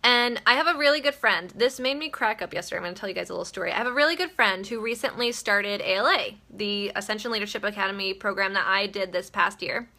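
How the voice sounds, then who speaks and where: A woman's voice: medium pitch, fast, hardly any pauses, sharp tone. A woman hosting her daily live video, giving casual motivational talk in a chatty, blunt way, swearing freely and laughing often.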